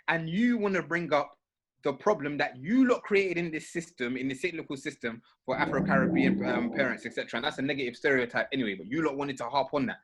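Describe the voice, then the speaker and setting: Man, podcast host, bright husky voice, animated banter. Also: medium pitch, fast. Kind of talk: casual chat.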